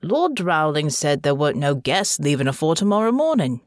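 Woman voicing a grumbling rustic sleigh driver, suspicious, lowered voice, audiobook. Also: big pitch swings, normal speed, no room sound, studio quality. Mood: gruff. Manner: grumbling, country dialect.

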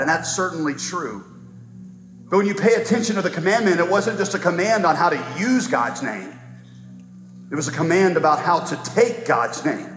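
A man preaching a sermon as pastor, earnest, with slow dramatic emphasis and touches of light humor. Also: on the high side, a bit bright. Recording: reverberant hall with faint music.

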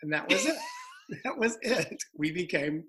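Lively older male storyteller. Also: high voice, a little slow, slightly rough. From South Texas. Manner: lively storyteller who acts out quotes. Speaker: guest. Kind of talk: anecdotal storytelling.

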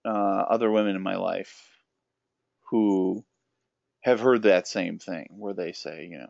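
A man hosting a podcast, speaking haltingly with many restarts. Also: low-pitched, creaky, no echo. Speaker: podcast host. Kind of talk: casual podcast chat. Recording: dull, dry lo-fi audio.

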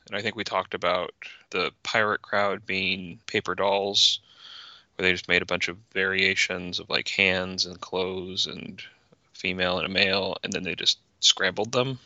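A man's voice: low-pitched, sharp tone, dry recording, highs cut off. A man co-hosting a casual podcast chat, explaining production details loosely with plenty of fillers. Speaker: podcast co-host.

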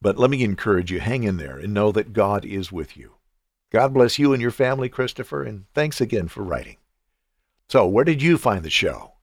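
A male podcast host giving devotional talk, earnest and encouraging, in the manner of a pastor. His pitch moves in lively rises and falls, and the recording is dry and close, with no trace of room sound. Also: moderate pace, dry recording.

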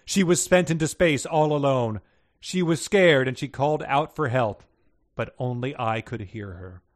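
A man voicing a gentle, coaxing male dog-star spirit in a read-aloud story. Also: mid-range voice, moderate pace, voice pushed up, natural voice. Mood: sorrowful. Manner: soft, coaxing, musical.

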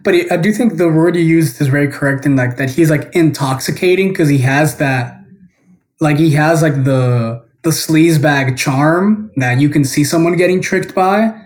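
A man's voice: a little high, moderate pace. A man calling in as a guest to chat about a film, rambling with lots of fillers. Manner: rambling, heavy use of fillers. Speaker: guest caller. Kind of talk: casual film discussion. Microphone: phone or remote call.

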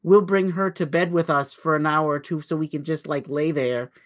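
A man's voice: a little high, steady tone, normal speed. A man in his thirties co-hosting a podcast, telling a long story casually with lots of restarts. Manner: rambling storyteller with many restarts and acted-out quotes. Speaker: podcast co-host.

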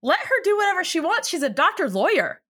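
A woman's voice: extremely high pitch, big pitch swings, quick pace, fairly bright tone. A woman co-hosting a casual chat, recapping a TV episode with lots of fillers and laughter. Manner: giggly, rambling with lots of fillers. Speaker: podcast co-host recapping a TV show.

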